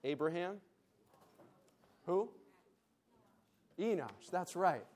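A man's voice: high-pitched, lively intonation, very slow, darkish tone. A man speaking at a conference meeting, giving a Bible lesson and leading the audience in call and response. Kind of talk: Bible lesson with group exercise.

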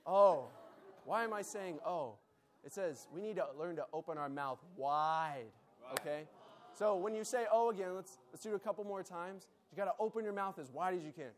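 A man's voice: high voice, lively intonation, normal speed. A man speaking at a conference meeting, giving a Bible lesson and leading the audience in call and response. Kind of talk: Bible lesson with group exercise.

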